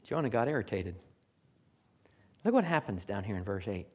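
A man preaching a sermon in a folksy, conversational way, chuckling now and then and building to loud, emphatic declarations. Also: lowish voice, sing-song, moderate pace.

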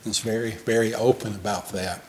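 A man's voice: on the low side, steady tone, normal speed, a little mellow, slight background noise. A man from Alabama with a Southern accent, a missionary telling a church about his work in a folksy, conversational way with frequent fillers. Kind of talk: church presentation with Q&A.

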